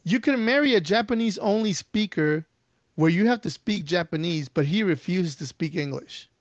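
A man's voice: high voice, animated, normal speed, no echo. A man chatting casually on a podcast, rambling with lots of fillers and restarts as he asks the questions. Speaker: guest asking questions. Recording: dull, lo-fi, dry.

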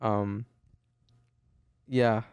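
A man's voice: lowish voice, little pitch movement, drawn-out words, a little mellow, clean tone, no echo, studio quality. A tired young man hosting a casual chat, rambling with lots of restarts. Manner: rambling, many restarts and fillers. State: tired, yawning. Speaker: podcast host.

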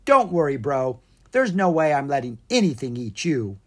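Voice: mid-range voice, big pitch swings, normal speed. A reader voicing a bold, scheming young girl dragon who talks confidently and bossily, in a children's storybook reading. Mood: cocky. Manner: confident, bossy, cheerful.

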